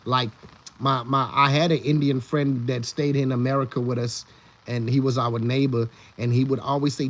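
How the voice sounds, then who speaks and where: At a normal speed and with a steady tone, a man with a medium-pitched voice hosts a relaxed live stream. He rambles along, restarting sentences and repeating words, and welcomes chat viewers by name.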